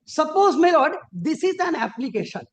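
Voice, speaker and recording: A man arguing formally before a judge as an advocate, deferential and halting, with frequent restarts and emphatic rises on key points. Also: extremely high pitch, sing-song, low-quality recording. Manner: deferential, peppered with repeated formal address to the bench. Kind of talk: formal courtroom argument. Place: courtroom.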